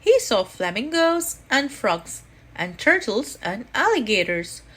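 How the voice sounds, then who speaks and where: A woman reading a children's picture book aloud at storytime, in a slow and expressive way. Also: on the high side, breathy edge. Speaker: storytime reader.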